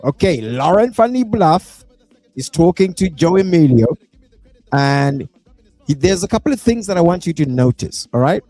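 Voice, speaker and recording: A South African man doing live reaction commentary, animated and prone to bursting into shouts and whoops. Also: fairly high pitch, moderate pace, dry recording. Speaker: reaction streamer.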